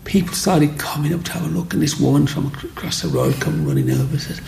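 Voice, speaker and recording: Man, middle-aged, very gravelly, animated storyteller, interview guest. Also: on the high side, fast, slight background noise. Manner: animated storyteller, acts out voices. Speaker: guest, micro-sculptor.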